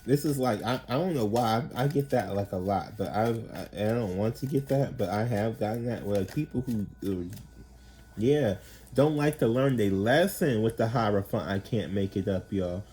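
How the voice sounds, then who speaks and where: A man's voice: on the low side, normal speed, low-quality recording. A man giving a casual tarot reading, rambling and slangy with plenty of profanity, often acting out the people he describes. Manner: animated, acts out quoted people. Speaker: tarot reader.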